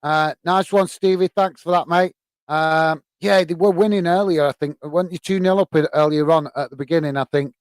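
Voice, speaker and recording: A man's voice: on the high side, steady tone, normal speed, clear, resonant tone, no room sound. A man hosting a live football watch-along from the UK, describing play and chatting with viewers, hesitant with many fillers. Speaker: host. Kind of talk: live match commentary and chat.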